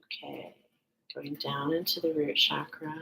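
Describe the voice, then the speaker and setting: Lady doing a live channeled reading, talks real slow, keeps stopping to say okay. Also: sits low, little pitch movement, creaky, sharp tone, rough recording. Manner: halting, often checks in with "okay". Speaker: intuitive reader.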